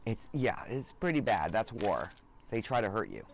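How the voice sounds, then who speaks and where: A man talking in a rambling, erratic casual monologue as a streamer, breaking into loud profane outbursts. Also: fairly low pitch, very animated, normal speed, vocal fry.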